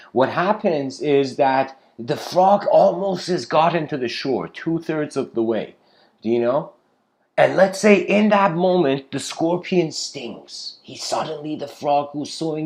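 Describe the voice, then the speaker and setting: Male speaker, easygoing lecture delivery, loose and rambling. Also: mid-range voice. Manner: rambling, laid-back, says "you know" constantly, laughs often. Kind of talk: casual spoken lecture.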